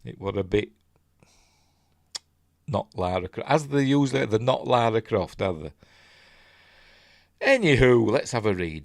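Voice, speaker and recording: A man's voice: on the low side, expressive, moderate pace, gravelly, pauses often, no echo, clean studio sound. A man with a Yorkshire accent giving casual news commentary, chatty and rambling, with lots of tag questions. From Yorkshire, England. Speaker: news vlogger.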